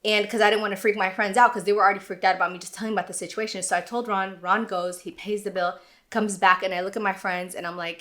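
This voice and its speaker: A woman's voice: mid-range voice, steady tone, quick pace, a bit bright. A woman co-hosting a podcast, telling a personal story in a subdued, earnest casual way. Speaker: podcast co-host.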